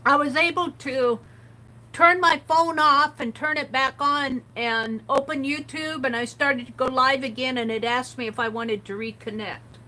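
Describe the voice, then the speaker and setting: A woman's voice: high-pitched, steady tone, measured pace, sharp tone, low-quality recording. A woman hosting a casual art livestream, chatting and reading quotes aloud with amused comments. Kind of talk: casual craft livestream chat.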